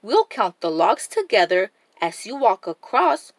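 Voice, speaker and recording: An upbeat little girl explorer, as a woman reader puts her on, bright and encouraging, with a voice that leaps up and down. The storybook telling stays slow and deliberate, and the sound is dry and close. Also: medium pitch, very animated, dry recording. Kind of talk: storybook read-aloud.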